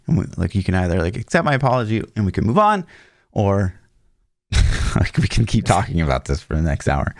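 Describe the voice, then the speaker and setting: Deep-voiced man, animated and profane. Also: brisk, gravelly, dry recording, clean studio sound. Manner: profane, storytelling with exasperation. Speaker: podcast co-host. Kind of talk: casual chat.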